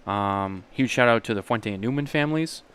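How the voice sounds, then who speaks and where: A man co-hosting a podcast in casual chat, halting and full of restarts and fillers. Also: on the low side, fairly bright tone, clean tone. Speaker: podcast co-host.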